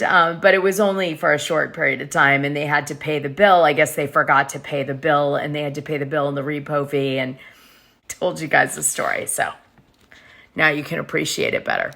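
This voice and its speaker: A woman's voice: low-pitched, bright, forceful tone. A woman hosting a gossip show, recapping reality TV episodes in a chatty, conspiratorial way.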